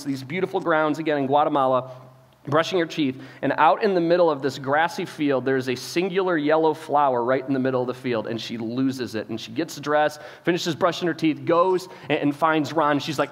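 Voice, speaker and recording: A male pastor telling a story in a sermon, animated, acting out the people he quotes, often repeating words and saying "like.". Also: on the high side, big-room sound. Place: church auditorium.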